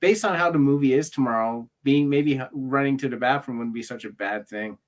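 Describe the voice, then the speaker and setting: An easygoing Canadian man chats casually in a mid-range voice. He tells small anecdotes in a relaxed way. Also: medium pitch, fairly quick. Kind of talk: casual chat.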